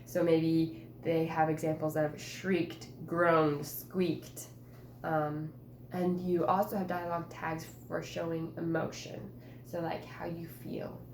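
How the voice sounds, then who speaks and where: A woman's voice: low-pitched, flat delivery, slow pace, darkish tone, reverberant, a little hiss or hum. A woman teacher guiding a writing conference, chatty and encouraging, with many fillers.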